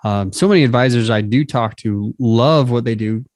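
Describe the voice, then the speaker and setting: A man's voice: medium pitch, moderate pace, a little mellow, no room sound. A man hosting an interview podcast, talking with his guest in a friendly, loosely rambling way. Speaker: podcast host.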